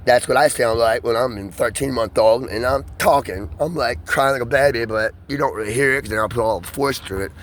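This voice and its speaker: A man in a rambling, profane solo monologue, his pitch swinging between high and low. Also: a little fast, hardly any pauses, fairly bright tone, slight background noise. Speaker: vlogger.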